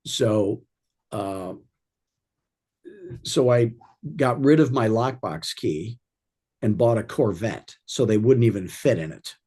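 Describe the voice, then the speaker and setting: Low, husky-voiced man coaching sales. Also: slow, pauses often, mellow. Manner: rambling, anecdotal, wry humor. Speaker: real estate sales coach. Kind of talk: informal training talk.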